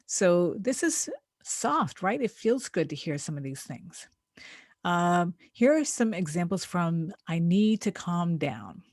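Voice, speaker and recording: A woman's voice: on the low side, big pitch swings, slow, darkish tone, no echo, studio quality. A woman coaching on relationships in casual talk. She is chatty, laughs often and restarts her sentences a lot. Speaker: relationship coach and podcast host.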